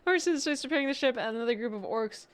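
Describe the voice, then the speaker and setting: A woman streaming a live reaction, animated and exclaiming, talking to her chat. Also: a little high, fast talker, clear, resonant tone. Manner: animated, exclaims and laughs, talks to chat as "guys". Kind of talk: excited live reaction commentary.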